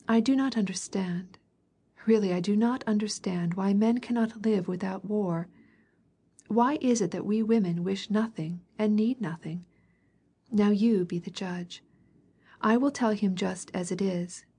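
A vivacious young princess, fretful and capricious, who rises a little in pitch as she chatters and pleads, as a woman reader puts her on. The voice stays warm and soft, with a slightly breathy edge. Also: unhurried. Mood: chattering. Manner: lively, complaining, pleading.

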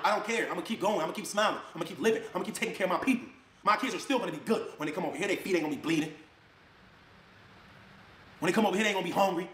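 Man, high fast voice, heated rant, echoey room. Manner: fired up, swings between loud jabs and low mutters, mocks others' voices. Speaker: online video creator.

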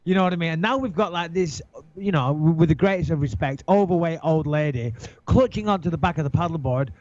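Animated man telling a wild story. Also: on the high side, quick pace, no room sound. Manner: animated, swears a lot, acts out his own panicked thoughts. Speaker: interview guest. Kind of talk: casual storytelling. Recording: dull, dry recording.

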